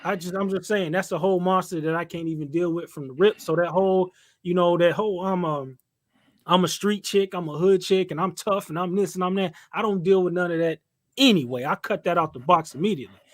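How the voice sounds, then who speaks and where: High-voiced, blunt, animated man. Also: brisk. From California, United States. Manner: animated, blunt, opinionated, laughs often. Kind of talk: casual podcast discussion.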